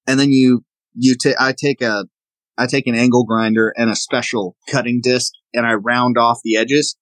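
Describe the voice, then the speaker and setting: A man's voice: mid-range voice, fairly bright tone, no echo, rough recording. A man from the American South, a knife maker guest, explaining and showing his work in a casual interview. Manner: explanatory, demonstrating objects as he talks.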